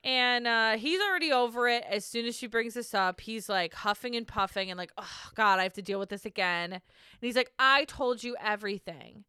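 A woman with a bright, crisp voice chats casually as a podcast co-host. She recaps bluntly, swears freely and laughs often. The sound is dry and close. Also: on the high side, normal speed, dry recording.

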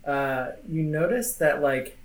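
A game master narrating a tabletop game in a rambling way, filling pauses with "like", recorded in an echoey room. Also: mid-range voice, lively intonation. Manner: rambling, many fillers. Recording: echoey room, faint noise.

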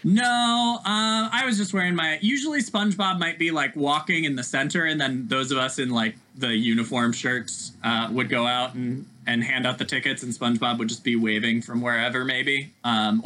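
Podcast guest, thirties male, crisp bright tone, loose rambling delivery. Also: medium pitch, steady tone, moderate pace, hardly any pauses, poor audio. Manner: chatty, rambling, lots of fillers. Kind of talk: casual chat.

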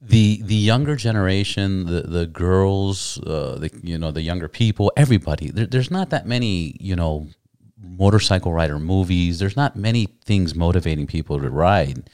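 Host, male, very low voice, dry close sound, rambling conversational delivery. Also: animated, normal speed, a little mellow, no room sound. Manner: rambling, repeats words when starting. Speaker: podcast host. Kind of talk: casual chat.

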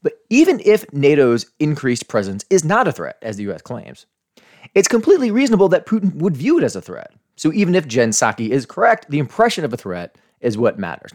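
A man's voice: fairly high pitch, sing-song, a little fast, darkish tone. An American man hosting a scripted commentary podcast, earnestly arguing his points and asking rhetorical questions. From United States. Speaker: podcast host.

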